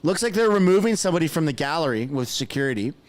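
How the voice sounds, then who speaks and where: Excitable man yelling live reactions. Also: fairly high pitch, fast. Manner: excitable, shouting and laughing, animated. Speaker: live-stream commentator.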